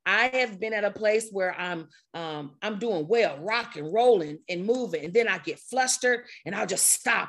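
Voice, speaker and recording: A woman leads an online group session, her voice slightly strained. She talks in an energetic, conversational way, repeating herself and laughing often, heard through a computer mic. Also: medium pitch, moderate pace, hardly any pauses. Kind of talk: motivational talk to a group.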